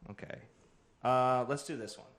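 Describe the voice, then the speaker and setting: A man's voice: medium pitch, normal speed, a bit bright. A man co-hosting a casual podcast, reading out quiz words and teasing the player. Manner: teasing, laughing. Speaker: podcast co-host, quizmaster.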